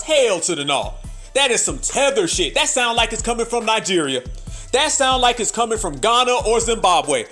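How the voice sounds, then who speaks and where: A commentary channel host with a strikingly high, pushed and bright voice gives a heated rant on social issues. His delivery is emphatic and sing-song, returning to mocking repeated phrases over faint background music.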